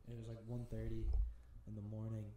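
A man co-hosting a podcast, telling a story in casual chat with halting "um"s and "uh"s. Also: fairly low pitch, completely flat delivery. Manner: halting, with many "um" and "uh". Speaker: podcast co-host. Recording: very echoey room with background noise and clicks.

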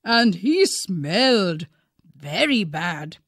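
A woman reading a father's lines as he tells his little daughter a bedtime story, in an emphatic, animated way. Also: on the low side, extremely slow, no room sound, studio quality, pitched below the performer's own voice, heavily acted. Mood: storytelling.

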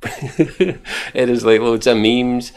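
A man's voice: mid-range voice, very slow. A Scottish man giving mocking, profane reaction commentary while reading out tweets. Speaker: commentary channel host.

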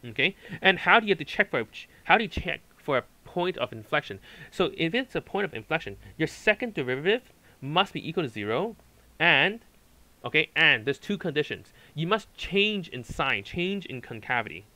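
A man's voice: a little high, big pitch swings, normal speed, pushed and bright, no room sound, poor audio. A man tutoring calculus at a whiteboard, explaining step by step and checking in often with "okay" and "right". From Hong Kong. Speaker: math tutor.

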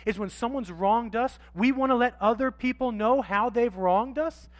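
A man preaching a sermon in church, swinging from quiet asides to loud, drawn-out emphasis and acting out voices of street sellers and pleading sinners. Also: very high voice, no echo. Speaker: pastor. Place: church sanctuary.

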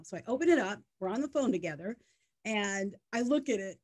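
Middle-aged woman founder, interview guest, emphatic and animated, mid-range voice. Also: mid-range voice, a little fast. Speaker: media tech startup co-founder, guest. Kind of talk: conversational interview.

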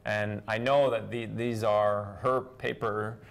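A man co-hosting a casual chat, speaking relaxed and halting, often restarting his sentences. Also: on the low side, creaky, clear, resonant tone. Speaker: co-host.

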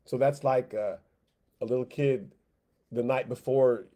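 A man teaching a Sunday school Bible lesson in a conversational way, repeating phrases and slipping into quick voiced asides for God and the complaining people. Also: mid-range voice, fairly even intonation, dark tone.

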